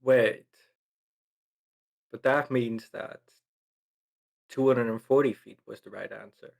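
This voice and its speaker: A man speaks at an unhurried, drawn-out pace as a player in a tabletop game. His voice sits at an ordinary middle pitch. He swears and laughs in exasperation. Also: steady tone, vocal fry, a little mellow. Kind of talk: playing a tabletop game on a live stream.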